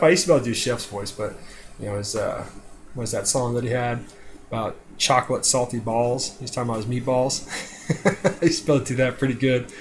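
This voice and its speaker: A man in a loose, rambling live-stream chat, with a middle-pitched voice and a dry throat. He talks in short, meandering bursts full of "uh"s, with a faint ambient hiss behind him. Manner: rambling, with many "uh"s and laughs. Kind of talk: casual chat.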